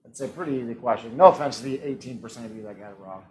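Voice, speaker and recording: A man hosting a live-streamed trivia game, reading out questions and answer choices with quick jokes and frequent laughs. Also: mid-range voice, rough recording. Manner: jokey, laughs often, reads out multiple-choice options. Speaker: trivia host.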